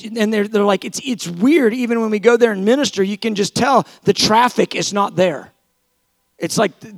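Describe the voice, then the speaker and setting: A male preacher with a high, gravelly voice, delivering a passionate sermon. He tells stories by acting out both sides of conversations and rises to loud, fervent high points. The sound is close and dry. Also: no room sound.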